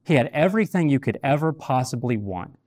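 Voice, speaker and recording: A man's voice: mid-range voice, big pitch swings, fairly quick, a little mellow, no room sound, clean studio sound. A man preaching a sermon, telling a personal story candidly and repeating key phrases for weight. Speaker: pastor.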